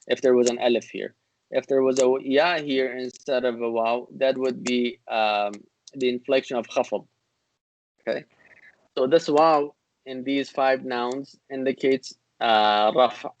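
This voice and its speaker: A man's voice: medium pitch, dry recording, muffled recording. Guy teaching a grammar class over his computer, patient, keeps repeating stuff, tons of ums. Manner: patient, repetitive, many fillers and restarts. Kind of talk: online class lecture.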